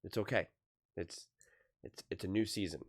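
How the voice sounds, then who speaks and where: A man reacts to a sports debate clip, exasperated and rambling as he talks it through. His voice is low. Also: normal speed. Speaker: YouTube sports commentator. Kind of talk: reaction commentary.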